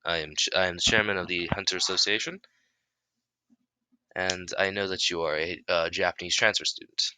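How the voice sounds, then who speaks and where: A man voicing a formal, probing association chairman in an improvised fan story, with a halting delivery. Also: sits low, steady tone, pushed and bright, smooth, no echo.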